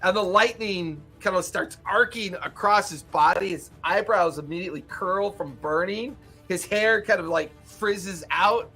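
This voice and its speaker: A young man narrating a tabletop game as game master, animated and laughing, with lots of "like" fillers. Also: sits high, measured pace, few pauses, slightly rough, faint music behind.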